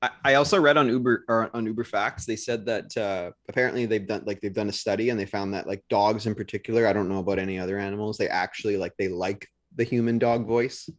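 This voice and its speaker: A man's voice: lowish voice, steady tone, fast talker, hardly any pauses. A young man co-hosting a podcast in casual chat, rambling with lots of fillers and blunt remarks. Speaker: podcast co-host.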